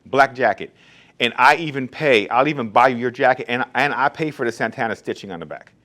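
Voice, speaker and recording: A man's voice: mid-range voice, brisk, bright, forceful tone. Blunt, no-nonsense barbershop owner man. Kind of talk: casual straight-talk monologue.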